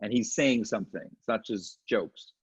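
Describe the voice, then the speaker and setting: On muffled, lo-fi audio, a middle-aged comedian spins lively anecdotes for an interviewer and breaks into rapid impressions now and then. His voice is lowish with a breathy edge.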